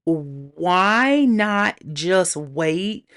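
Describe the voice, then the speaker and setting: A woman casually reviewing a TV episode on her own show, animated and sassy, with playful slang. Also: lowish voice, drawn-out words. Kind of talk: casual solo review chat.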